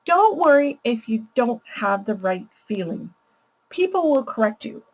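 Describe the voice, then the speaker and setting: A woman teaching parents with a lively, fairly high voice that rises and falls a lot. She explains patiently and laughs easily as she goes. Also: a little slow, rough recording. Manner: warm, explanatory, laughs readily. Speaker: parenting educator. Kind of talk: teaching presentation.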